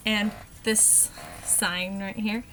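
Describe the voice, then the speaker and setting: A woman giving a class presentation on a dialect, hesitant and filling pauses with frequent ums. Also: medium pitch, little pitch movement, fairly bright tone, soft background music. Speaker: student presenter.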